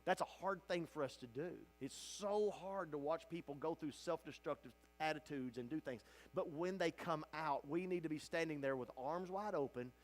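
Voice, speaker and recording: A male pastor teaching a Bible study in a church sanctuary. His voice sits high, and he preaches with fervor, crying out at the peaks and falling to a hushed, tender hush when he comforts. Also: normal speed, few pauses. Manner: impassioned, swinging from loud cries to hushed, tender delivery.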